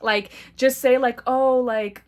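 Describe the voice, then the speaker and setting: A young woman hosting a casual solo podcast, loud and blunt with a slight stutter, talking in a chatty, profane way. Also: a little high, brisk. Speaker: podcast host.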